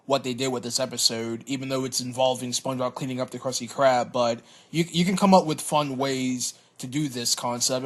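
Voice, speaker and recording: A man giving a casual cartoon episode review, hesitant, often repeating words and filling pauses. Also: medium pitch. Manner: hesitant, stammers and repeats words, many fillers.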